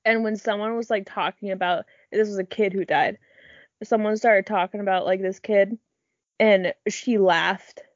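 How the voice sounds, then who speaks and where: A woman's voice: mid-range voice, steady tone, moderate pace, no echo, highs cut off. A young adult woman in casual podcast chat, telling stories with frequent "like" fillers. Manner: storytelling, filler-heavy with frequent "like".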